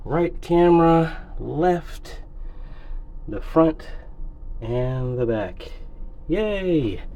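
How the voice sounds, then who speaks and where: A man's voice: mid-range voice, expressive, extremely slow, dark tone, highs cut off, a little hiss or hum. Man vlogging a church AV install. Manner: talks to the camera while working, calls viewers folks. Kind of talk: casual on-the-job vlog. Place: church building under renovation, indoors. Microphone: phone camera.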